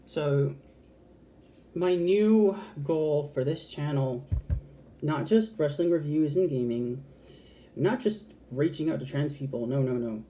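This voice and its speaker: A woman's voice: low-pitched, slow pace, dark tone, a little hiss or hum. A trans woman talking frankly to camera in a casual, heartfelt vlog, swearing freely and restarting her sentences. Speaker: vlogger.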